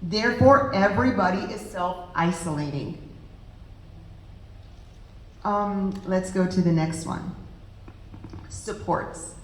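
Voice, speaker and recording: A woman's voice: on the low side, slow pace, pauses often. Earnest woman speaker in echoey room. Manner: earnest, emphatic, addresses the audience directly. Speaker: guest speaker at a parent group meeting. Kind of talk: motivational talk to parents. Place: meeting room with audience.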